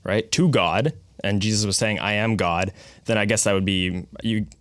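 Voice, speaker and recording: Tentative young man, low dry voice. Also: moderate pace, dry recording. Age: young adult. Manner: tentative, thinks aloud. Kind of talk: asking questions in a panel.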